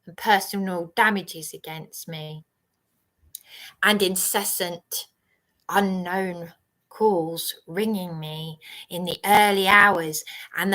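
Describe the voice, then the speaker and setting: A woman's voice: medium pitch, bright, forceful tone. A woman ranting angrily on a livestream, accusing and repeating herself. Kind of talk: angry livestream rant.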